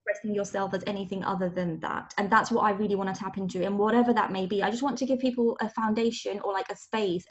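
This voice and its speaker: A woman's voice: mid-range voice, highs cut off. A woman yoga teacher from London, speaking as a podcast guest in earnest, open and reflective casual chat.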